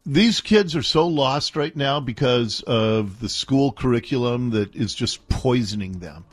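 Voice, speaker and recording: A man from the Seattle area hosting a talk radio show, animated and indignant, arguing playfully with his co-hosts. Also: medium pitch, measured pace. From Seattle area, USA.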